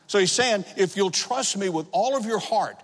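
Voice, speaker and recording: A man preaching a sermon, telling his own conversion story with rising emotion and shouted praise. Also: high voice, animated, normal speed. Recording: long hall reverb.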